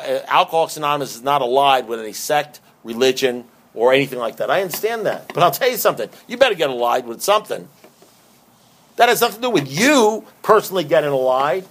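A man's voice: on the high side, a bit bright. A man giving an emphatic, conversational recovery talk who often repeats himself. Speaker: recovery speaker.

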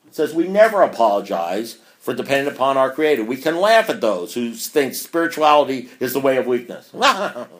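A man's voice: mid-range voice, very animated, a little fast, few pauses. Emphatic man speaking to a meeting. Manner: emphatic, with rhetorical questions and swings in loudness; chuckling as he talks. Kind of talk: impassioned talk reading from a book.

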